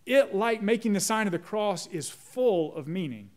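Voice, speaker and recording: A man preaching a sermon as pastor, slowing down to lead a prayer. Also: sits high, lively intonation. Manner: measured, slows down on prayer phrases; leads the congregation in repeating a prayer.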